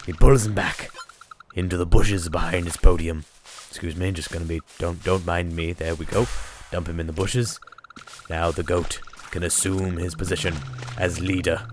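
A man's voice: sits low, flat delivery, normal speed, noisy background. A man giving rambling, silly let's-play commentary, narrating his character in a joking third-person voice. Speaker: gaming YouTuber.

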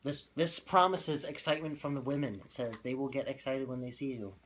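Husky joking young man reviewing body spray. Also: mid-range voice, fairly quick. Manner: goofy, loud hype bursts, deadpan jokes. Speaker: co-host of a fragrance review channel. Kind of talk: casual joking review chat.

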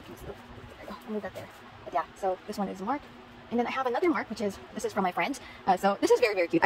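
A woman's voice: mid-range voice, slight background noise, poor audio. A woman showing off her concert haul in a casual vlog, gushing and repeating herself. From Philippines. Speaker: vlogger.

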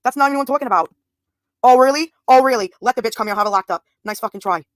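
Racing and animated, a woman in her thirties talks to her live chat with blunt profanity, taking comments head-on as they arrive. Her middle-pitched voice is a bit bright, and the sound is close and dry with no room echo.

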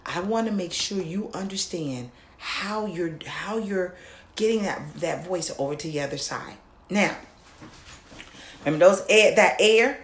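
A woman voice coach teaching an online lesson, who often repeats herself and checks in with "okay?", now and then singing or shouting demonstrations. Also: fairly low pitch, a little slow, echoey room, slight background noise. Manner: repeats words, checks in with "okay?" and "all right?"; sings demo lines and shouts "ha!" exercises.

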